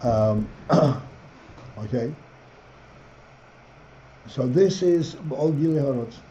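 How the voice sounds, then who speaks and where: A man teaching a Torah class as rabbi, reading phrases slowly and explaining them. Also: mid-range voice, expressive, mellow, slight background noise. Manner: reads Hebrew phrases slowly, then explains in English. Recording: dull lo-fi class recording.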